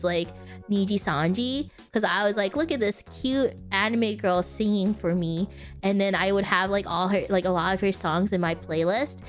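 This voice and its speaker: A woman streamer in casual chat who rambles, giggles and keeps correcting herself mid-sentence. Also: mid-range voice.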